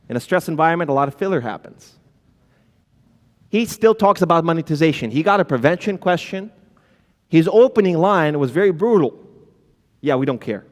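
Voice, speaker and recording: A man giving a conference talk, addressing the audience directly and acting out flustered founders stumbling over filler words. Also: fairly high pitch. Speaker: conference speaker. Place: conference hall. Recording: long hall reverb.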